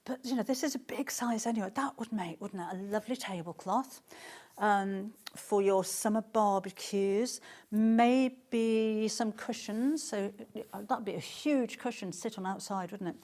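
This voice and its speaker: On a live shopping stream, a middle-aged woman with a medium-pitched voice talks a little slowly. She speaks warmly about the fabric and reads viewer comments aloud as she goes.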